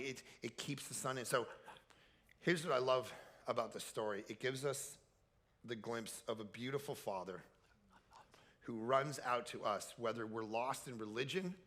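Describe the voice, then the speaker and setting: Animated gravelly male preacher. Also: normal speed, pauses often. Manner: animated storytelling with shouted high peaks. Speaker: pastor. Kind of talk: sermon. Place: camp meeting hall.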